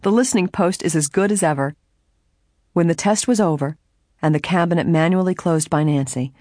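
An audiobook narrator reading a mystery novel in a steady, measured scripted narration. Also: mid-range voice, no room sound, studio quality.

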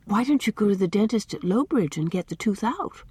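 A woman's voice: medium pitch, lively intonation, fairly quick, a little mellow, husky, no echo. A woman voicing a bold, self-assured young girl with a lofty, airy, matter-of-fact manner.

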